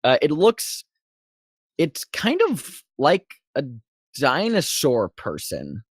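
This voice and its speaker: A man runs a tabletop game as dungeon master, his voice a touch high and recorded dry and close. He narrates haltingly, full of ums and restarts. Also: huge pitch swings, husky, no room sound. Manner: halting, many fillers and restarts.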